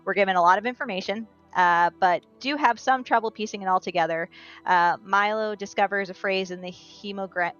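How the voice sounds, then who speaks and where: A woman's voice: mid-range voice, brisk, a bit bright. A woman giving a casual, chatty recap of the last tabletop game session as a player, often correcting herself as she goes. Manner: chatty, self-correcting storytelling. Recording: dull lo-fi recording with faint music.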